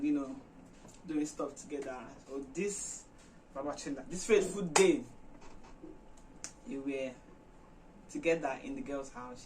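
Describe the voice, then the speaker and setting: A woman vlog host retelling a movie plot in a chatty, animated way with many fillers. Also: low voice, far from the mic, a little hiss or hum, rough recording. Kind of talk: casual storytelling retelling a film.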